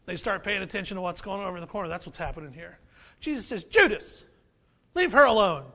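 A man's voice: sits high, racing, pushed and bright. A man preaching a sermon as pastor, conversational and humorous, repeating phrases for emphasis.

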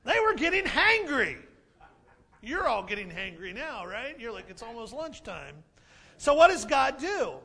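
In a high, gravelly voice, a male pastor delivers a lively sermon, speaking playfully and repeating key phrases to drive his points home. His tone is bright and forward, his manner animated, and his pace a little slow.

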